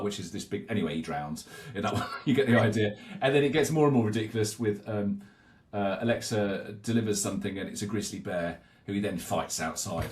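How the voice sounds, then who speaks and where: A British man co-hosting a podcast, relaxed and rambling as he retells an advert. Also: fairly low pitch, a little fast. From Britain. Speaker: podcast co-host. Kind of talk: casual marketing discussion.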